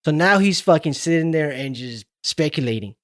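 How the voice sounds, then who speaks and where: A man with a slightly high voice co-hosts a casual podcast, retelling movie scenes in a loose, profane, animated way. The sound is dry and close, with no room around it. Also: normal speed, dry recording. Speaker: podcast co-host.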